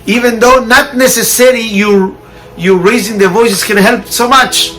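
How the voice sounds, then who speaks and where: A man's voice: very high-pitched, fairly even intonation, normal speed, bright, forceful tone, low-quality recording. A man teaching Torah in a sermon, telling a parable in non-native English phrasing and raising his voice when he quotes. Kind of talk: sermon with storytelling.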